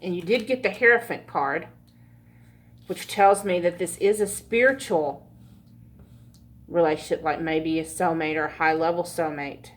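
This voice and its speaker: A woman's voice: lowish voice, steady tone, moderate pace, pauses often. A woman giving a casual pick-a-card tarot reading, chatty and laughing often, with frequent swearing. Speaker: tarot reader.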